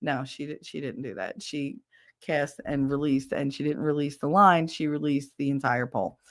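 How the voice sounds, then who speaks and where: A middle-aged woman hosts a stream and tells a funny story in a casual, profane way, squealing as she mimics other people. Her voice is deep and her pace moderate, and the sound is clean studio audio with no echo.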